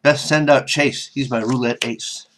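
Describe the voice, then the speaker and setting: Brief: a man playing a brisk, bossy casino floor boss, middle pitch, commanding. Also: steady tone, fairly bright tone, slight background noise, lightly acted.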